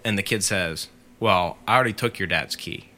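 A man's voice: deep voice, normal speed, bright, forceful tone. A man casually retelling a story to friends on a podcast, filling it with "like" and "he said". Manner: chatty, leans on "like" and "he said" while retelling. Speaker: podcast co-host telling a story.

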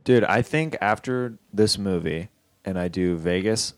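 Chill young guy with a lowish voice chatting on a podcast, dry close sound. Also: unhurried, no room sound. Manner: easygoing, laid-back, uses slang. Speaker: comedian guest. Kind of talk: casual chat.

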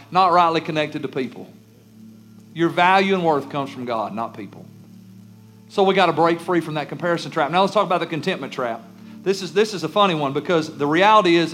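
A man's voice: high voice, a bit bright. A man preaching a sermon as a pastor, emphatic, sometimes acting out the pleading voices of churchgoers and children. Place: church sanctuary.

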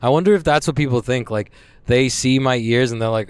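Young man, casual vlog rant, heavy swearing, smooth clear tone, dry close sound. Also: mid-range voice, brisk, no room sound. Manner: profane, agitated, rambling. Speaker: vlogger.

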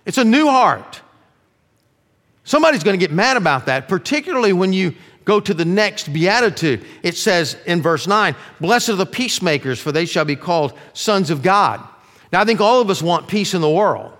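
A middle-aged male pastor preaching a sermon earnestly, dropping his voice low to stress key lines. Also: fairly bright tone. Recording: long reverb of a large room.

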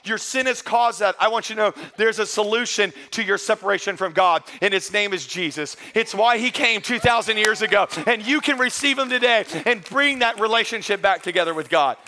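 A man's voice: sits high, a little fast, few pauses, sharp tone, slight background noise. A middle-aged male pastor preaching a sermon in a church service, talking in an earnest, conversational way with frequent restarts and repeated words.

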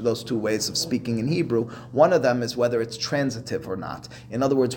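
A man's voice: mid-range voice, a little hiss or hum. A man, a rabbi, teaching a Talmud lesson, reading Aramaic and Hebrew phrases and then explaining them step by step.

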